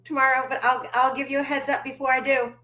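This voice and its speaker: A woman's voice: high voice, level tone, quick pace, bright, forceful tone. A woman hosting a casual livestream chat, talkative and loose, swearing now and then and laughing often. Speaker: livestream host.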